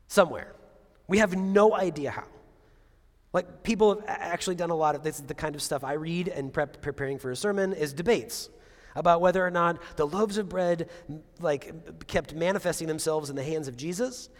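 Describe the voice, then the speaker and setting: A man with a fairly high voice preaches in a relaxed, chatty way, tossing in asides and questions to his listeners. His voice rings out with the long reverb of a large church hall. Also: fairly quick. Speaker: pastor. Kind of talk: conversational sermon.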